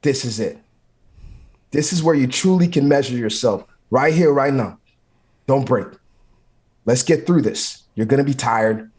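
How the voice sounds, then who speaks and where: A man's voice: mid-range voice, moderate pace, a little mellow. A man, a firefighter guest in an interview, giving motivational talk in short, repeated, punchy phrases.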